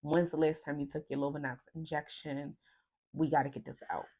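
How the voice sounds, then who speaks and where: A woman's voice: sits low, flat delivery, fairly quick, a little mellow. A young woman vlogger emotionally retelling a personal story, acting out the lines of the people in it. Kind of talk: casual storytime vlog.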